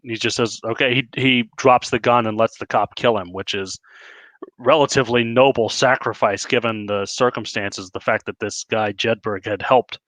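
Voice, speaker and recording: A man's voice: on the low side, steady tone, normal speed, a bit bright, no echo. A man guest on a casual movie review podcast, retelling a plot at length with fillers. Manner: talks in long, plot-recounting stretches with fillers.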